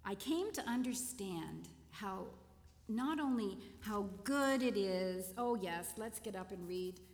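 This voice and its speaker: An older woman giving a personal testimony, telling her story in a gentle, emotional, halting way. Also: medium pitch, lively intonation, big-room sound. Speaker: testimony speaker.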